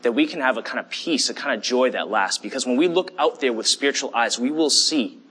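Bright, husky-voiced man preaching. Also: medium pitch, a little fast. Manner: conversational preaching with fillers and "okay?" check-ins. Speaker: pastor. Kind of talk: sermon.

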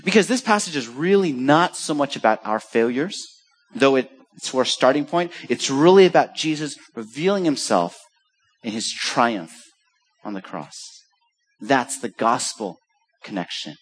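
A man's voice: medium pitch, a little slow, slightly rough. A male pastor preaching a sermon in a rhetorical style, acting out bits of dialogue as he goes. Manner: animated, rhetorical, acts out dialogue.

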